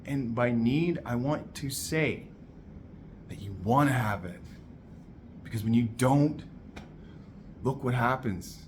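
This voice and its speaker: A man coaching listeners in an energetic, emphatic motivational monologue, calling them "my man". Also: medium pitch, slow, long pauses, a little hiss or hum.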